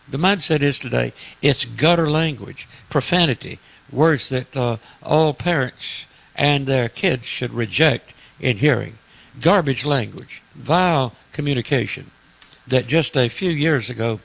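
A man's voice: medium pitch, gravelly, fairly bright tone, low-quality recording. A man hosting a radio talk show, delivering an emphatic, preachy political monologue with frequent "uh" fillers.

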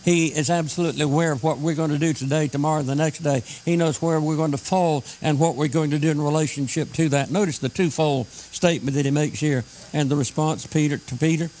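A man's voice: fairly high pitch, fairly even intonation, a little mellow, a little hiss or hum, poor audio. Emphatic preacher, man. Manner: emphatic, slows down to stress scripture. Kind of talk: sermon.

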